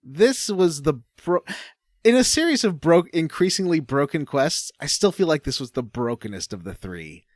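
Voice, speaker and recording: A man's voice: a little high, very animated, normal speed, no room sound, clean studio sound. A man co-hosting a podcast, rambling casually and hesitantly about a video game. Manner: rambling, hesitant, lots of uh and restarts. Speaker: podcast co-host.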